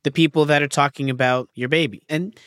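A man hosting an interview podcast, asking questions in a warm, conversational way. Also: a little high, fairly even intonation, brisk, clear, resonant tone, no echo, clean studio sound. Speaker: podcast host.

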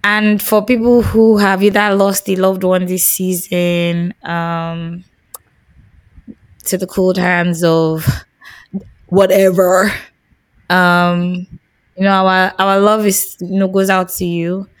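A woman's voice: fairly low pitch, level tone, slow, no room sound. A Nigerian woman co-hosting a podcast, talking expressively in a casual chat and mixing Pidgin phrases into her English. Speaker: podcast co-host.

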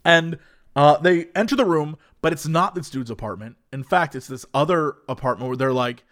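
A man's voice: a little high, normal speed, a bit bright. A man in casual chat, telling a story with lots of animation and acting out quotes.

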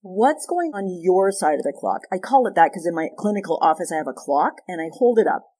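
A woman therapist as a podcast guest, explaining ideas through animated stories and acted-out dialogue. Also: fairly low pitch, brisk, slightly rough. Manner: animated storyteller, acts out quoted dialogue. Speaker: guest sex therapist and psychologist. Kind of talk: conversational podcast interview.

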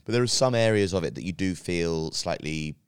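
A man with a very low, smooth and resonant voice chats casually as a podcast guest. He rambles, restarting and repeating words as he goes. The studio sound is close and dry. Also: lively intonation, fairly quick, dry recording. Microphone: studio podcast mic.

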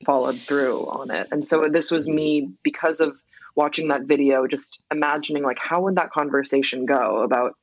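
A woman's voice: low-pitched, steady tone, moderate pace, dry recording, low-quality recording. A woman songwriter as a podcast guest, talking in a reflective, candid way and using lots of "like" fillers. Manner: reflective, filler-heavy, frequent laughs. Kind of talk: candid interview conversation.

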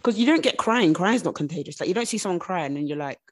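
A woman's voice: on the low side, quick pace. A woman co-hosting a casual podcast, telling stories animatedly with lots of restarts. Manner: animated storytelling with frequent restarts. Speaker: co-host.

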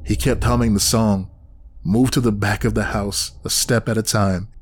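A man reading a horror story aloud in scripted first-person narration, tense and steady. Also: lowish voice, normal speed, husky.

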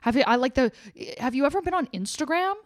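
A woman's voice: sits high, animated, quick pace, no room sound, clean studio sound. A young adult woman co-hosting a comedy podcast, gossiping in a brash, sarcastic, profane way. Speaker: podcast co-host. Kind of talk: casual comedic gossip chat.

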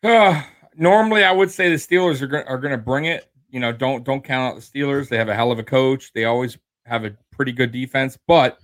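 A man's voice: mid-range voice, a little fast, fairly bright tone. A man co-hosting a casual sports talk show, starting hesitant but turning confident and emphatic. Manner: hesitant fillers, then fired-up and confident. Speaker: co-host.

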